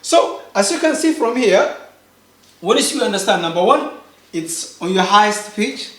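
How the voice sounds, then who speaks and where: A man's voice: high voice, animated, moderate pace, a bit bright, echoey room. A man teaching an online language lesson, patiently repeating points and drawing out long sample sounds for the learner to copy. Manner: patient, repetitive drilling with sung-out sample sounds. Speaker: Chinese pronunciation teacher.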